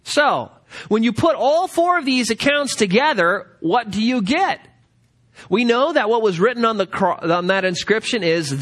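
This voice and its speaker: A man teaching a Bible study lecture, directing listeners to passages and reading scripture aloud slowly with emphasis. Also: high-pitched, sing-song, a bit bright.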